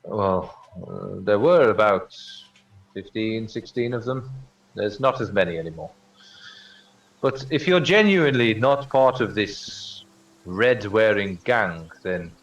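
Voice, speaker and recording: A man doing a gruff swamp camp leader. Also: lowish voice, lively intonation, takes it slowly, recorded from a distance, lo-fi sound. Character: tall rough human man, swamp camp leader, gruff but welcoming.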